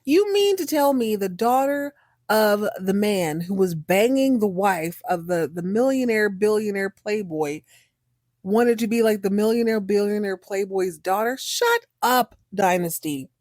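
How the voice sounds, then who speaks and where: Podcast host, woman, sassy recapper, mellow tone, dry close mic. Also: medium pitch, measured pace, dry recording. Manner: animated, sassy, breaks into exaggerated voices. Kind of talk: casual recap commentary.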